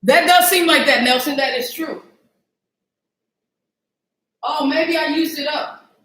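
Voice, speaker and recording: A woman's voice: high voice, slow pace, fairly bright tone, reverberant. A woman hosting a casual live cooking stream, chatty and self-mocking as she talks to her viewers from a home kitchen. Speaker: cooking show host.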